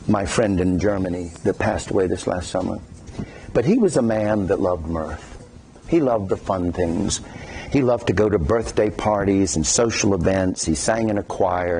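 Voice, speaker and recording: A low-voiced male pastor preaches a sermon in a conversational, animated style, frequently laughing as he goes. There's slight background noise.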